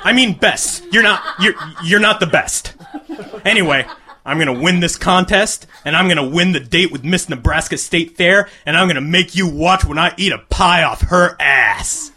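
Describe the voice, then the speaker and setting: A man puts on a crude, boastful rival eater with a raised, bright voice. He taunts and trips over his own words as he brags, in a comic story told live. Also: fairly high pitch, moderate pace, voice pushed up. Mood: taunting.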